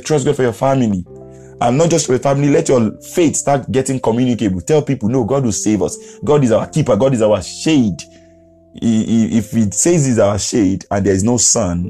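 Mellow-voiced man preaching over soft music. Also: on the low side. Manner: earnest, repetitive preaching with chuckles. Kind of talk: podcast sermon.

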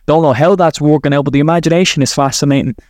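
A man's voice: fairly high pitch, racing, darkish tone, dry recording, studio quality. A man hosting a podcast who talks listeners through a visualization exercise, rambling and correcting himself as he goes. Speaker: podcast host, NLP coach. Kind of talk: guided visualization talk.

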